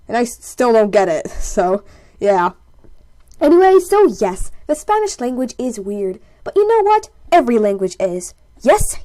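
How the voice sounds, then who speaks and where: A young woman narrating a casual story-time video in a chatty, animated way, full of jokey asides. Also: fairly high pitch, no room sound, studio quality.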